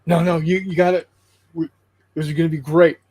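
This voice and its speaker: A man with a slightly husky, somewhat raised voice tells a long, meandering joke to his friends on a gaming stream. He stalls often, repeating words and restarting lines as he builds up the story. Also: a little high, little pitch movement, a little fast, a little mellow, poor audio. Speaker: co-host of a tabletop painting stream. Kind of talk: casual joke-telling on a stream.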